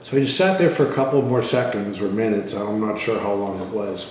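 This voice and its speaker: A middle-aged man casually telling a personal testimony in a plain, relaxed way, often clearing his throat and restarting. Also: lowish voice, brisk. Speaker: father sharing a personal testimony. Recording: echoey room, voice from some distance, faint noise.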